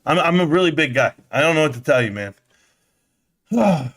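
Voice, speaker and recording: A man's voice: fairly high pitch, lively intonation, normal speed, fairly bright tone. A middle-aged man hosting a casual live stream, brash and joking as he trash-talks, out of breath.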